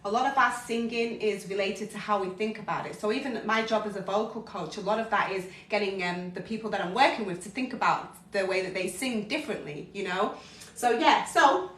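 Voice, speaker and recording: Bright-voiced woman vocal coach, echoey room. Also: mid-range voice, fairly quick, a little hiss or hum. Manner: chatty and relaxed, breaking into sung meows and neighs. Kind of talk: casual vocal warm-up lesson on a live stream. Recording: echoey room, voice a little off-mic.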